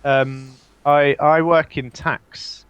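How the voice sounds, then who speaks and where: A man's voice: a little high, little pitch movement, drawn-out words, fairly bright tone, smooth, no echo, muffled recording. A man from Jersey, a podcaster guest, chatting casually with a hesitant, laughing, self-mocking manner. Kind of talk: casual chat. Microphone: earphones with mic.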